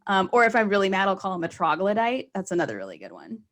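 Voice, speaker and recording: A woman's voice: medium pitch, sing-song, fast, a bit bright. A woman stand-up comedian in casual conversation, chatty and rambling, laughing often.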